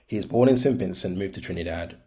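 Low-voiced Brummie man chatting frankly. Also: quick pace, mellow. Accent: Birmingham (Brummie), shifting toward London. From Birmingham, England. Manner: chatty, frank, filler-heavy with ums and likes. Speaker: podcast host. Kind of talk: casual solo monologue.

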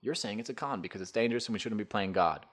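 A man's voice: lowish voice, very fast, a bit bright. A man co-hosting a casual podcast from an apartment, joking around and swearing freely. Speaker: podcast co-host. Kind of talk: casual chat.

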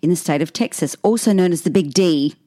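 A woman's voice: lowish voice, fairly quick, dark tone. A woman co-hosting a podcast in casual chat, reading out facts with wry asides. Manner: reads out travel facts, wry. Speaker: podcast co-host.

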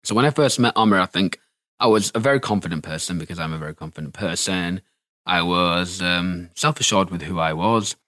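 A young man with a Yorkshire accent telling a personal love story in a loud, animated, camp way. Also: low-pitched, a little fast, no echo, clean studio sound. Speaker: interviewee. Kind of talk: candid storytelling.

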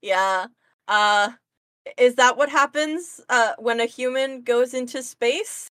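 A woman's voice: a little high, slow, fairly bright tone, no echo, clean studio sound. A woman co-hosting a casual podcast, recapping a comic and playfully reading lines aloud. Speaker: podcast co-host. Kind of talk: casual chat about comics.

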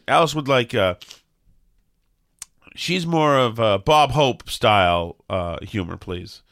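A man's voice: medium pitch, expressive, slow, a bit bright, dry recording. A man hosting a casual radio chat show, riffing with sarcastic jokes. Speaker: host.

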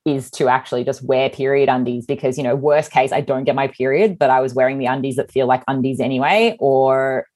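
A woman's voice: rumbling low, fairly quick, hardly any pauses, darkish tone. A woman with an Australian accent co-hosting a podcast, talking frankly and with animation, often restarting her sentences. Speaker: podcast co-host. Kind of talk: casual chat.

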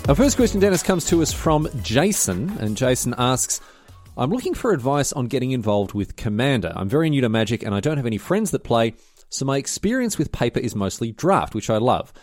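Lively man co-hosting a podcast. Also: medium pitch, fairly quick, no echo, faint music behind. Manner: animated, jokey, rambling with restarts. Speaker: podcast co-host. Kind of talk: casual podcast chat.

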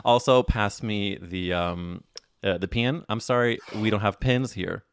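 A man hosting a casual chat podcast, playful and teasing, with an expressive delivery. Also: on the low side, unhurried, clean tone. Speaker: podcast host.

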